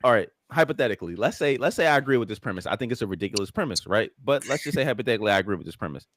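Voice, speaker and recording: A man co-hosting a podcast, arguing his point in a lively casual way. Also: on the low side, rapid-fire, no room sound, clean studio sound. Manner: lively, argumentative, laughs often. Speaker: podcast co-host. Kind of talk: casual chat.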